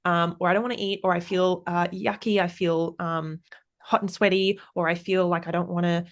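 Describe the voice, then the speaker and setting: A woman's voice: lowish voice, little pitch movement, moderate pace. A woman hosting a podcast conversation, enthusiastic and appreciative, with frequent "um"s. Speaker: podcast host.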